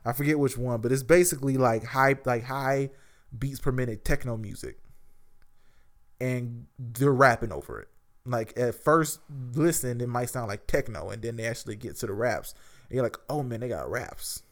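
A man's voice: mid-range voice, moderate pace. A man giving a casual, rambling spoken album review as a show host, full of fillers and restarts.

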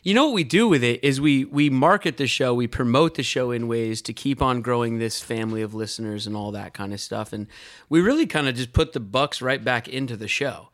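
A man in his thirties co-hosts a podcast, his mid-range voice moving a little fast as he tells a funny story. It's casual comedic chat: he laughs often and acts out voices like an animated storyteller.

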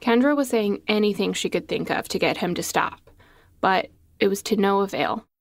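A woman giving scripted documentary narration in a measured, even delivery. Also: medium pitch, no echo. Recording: dry studio voice-over with faint music.

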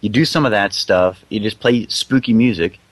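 A man's voice: on the low side, normal speed, no echo. A man co-hosting a casual podcast chat, joking around and riffing on ideas. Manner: joking, riffs with silly voices. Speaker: podcast co-host.

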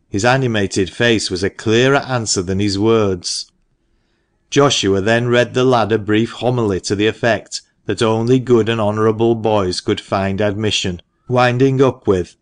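A man with a lowish voice reading a classic audiobook. His narration is measured and even, delivered steadily.

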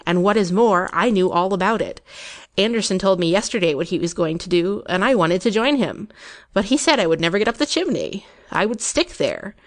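A woman's voice: medium pitch, expressive, fairly quick, natural voice. A woman voicing a burly young male student with a hearty, idiom-laced way of talking. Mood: jovial. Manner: hearty exclamations in Irish idiom.

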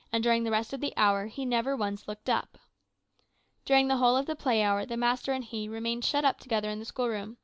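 A woman reading an adventure story aloud in measured narration, raising her voice for the quoted lines. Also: a little high, steady tone, smooth, no room sound. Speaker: audiobook reader. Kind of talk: scripted narration.

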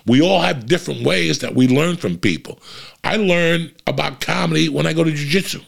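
Gravelly, fired-up middle-aged man ranting. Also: on the high side, a little fast. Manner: blunt, profane, fired-up ranting. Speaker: comedian and podcast host. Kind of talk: profane motivational monologue.

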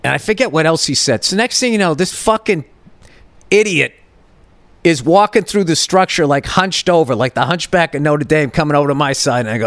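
A man's voice: on the high side, lively intonation, normal speed, a bit bright, no room sound. A man in his fifties hosting a podcast, telling a rambling, profane comedic story with lots of restarts. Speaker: podcast host.

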